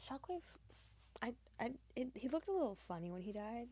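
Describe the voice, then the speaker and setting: A woman hosting her art channel, chatting casually over a speedpaint with lots of fillers, often dropping into a soft whisper. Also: a little high, big pitch swings, fairly quick.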